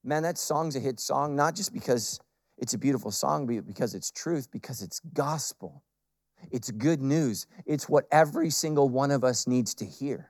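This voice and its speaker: A middle-aged man preaching a sermon as a pastor, swinging between loud emphatic peaks and quiet intimate lines and repeating phrases for emphasis. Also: mid-range voice, moderate pace, no room sound, clean studio sound.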